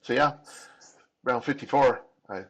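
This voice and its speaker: A man's voice: medium pitch, normal speed, a bit bright, slightly rough, muffled recording. A man in his fifties telling his own story as an interview guest, candid and earnest, often restarting and repeating words. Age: 50s. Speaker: podcast guest.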